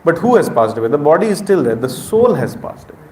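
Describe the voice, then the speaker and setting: A man's voice: fairly high pitch, sing-song, fast, darkish tone. Indian man lecturing in an echoey hall. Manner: questions the audience directly, conversational. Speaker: spiritual speaker. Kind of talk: interactive spiritual lecture. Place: temple hall with audience.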